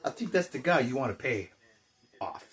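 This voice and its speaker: A man's voice: medium pitch, big pitch swings, normal speed, noisy background. An older man chatting casually through a toy unboxing, rambling with jokey asides. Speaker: toy collector.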